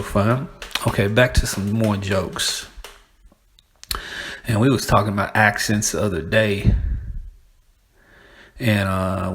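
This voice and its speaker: A man's voice: fairly low pitch, vocal fry, a bit bright. A man from Austin, hosting a podcast in a loose, profane, joking monologue. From Austin, Texas. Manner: loose, profane, chuckling between jokes. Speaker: podcast host. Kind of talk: casual comedic monologue.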